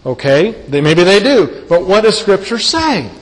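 A man preaching a sermon and working verse by verse through scripture. He speaks earnestly and drops to a quiet voice when he wants to stress a point. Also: high-pitched, big pitch swings, a little slow. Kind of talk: sermon, Bible exposition. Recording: long hall reverb.

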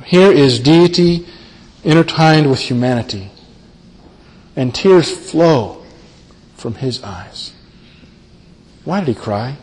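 A man preaching a sermon in a fairly high voice, earnest and often repeating his words. He slows down and falls soft on key phrases, and his voice rings with the long reverb of a large hall. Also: expressive, husky. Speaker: pastor. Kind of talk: sermon on a Bible passage.

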